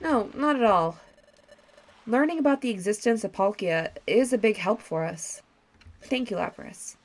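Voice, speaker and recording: A woman voicing an earnest, determined young explorer creature in a steady tone. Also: medium pitch, normal speed.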